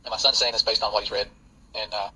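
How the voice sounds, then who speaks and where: A man's voice: lowish voice, little pitch movement, fast, bright, forceful tone, husky, rough recording. A man, a father, reading passages aloud and commenting in an earnest, warning tone. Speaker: host and father.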